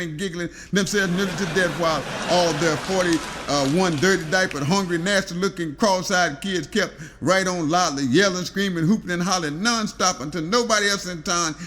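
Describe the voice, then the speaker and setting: A man's voice: sits high, fairly bright tone. A man narrating a rambling comic story, stringing long lists of insults with filler "uh"s.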